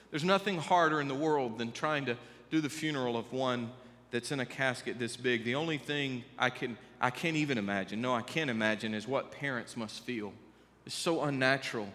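A middle-aged male pastor preaching a sermon, emphatic, swinging between loud stresses and hushed asides. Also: medium pitch. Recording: long hall reverb.

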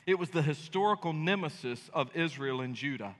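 Bright-voiced pastor in a reverberant hall. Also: male voice, medium pitch, moderate pace, few pauses. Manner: emphatic, folksy and joking. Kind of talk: sermon. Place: church sanctuary. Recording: long reverb of a large hall.

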